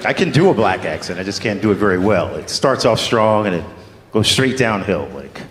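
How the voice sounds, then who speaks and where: A man's voice: lowish voice, expressive, a little fast, a bit bright. A man from the US East Coast doing a stand-up set on a comedy club stage, crude, self-mocking and conversational. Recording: echoey hall with background noise.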